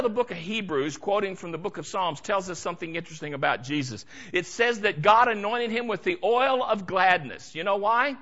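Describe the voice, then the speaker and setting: A man delivers a sermon with a high, bright voice, swinging between booming lines and hushed asides as he acts out the people he quotes. The recording sounds dull and lo-fi. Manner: dramatic preaching, acting out quoted voices. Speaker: pastor.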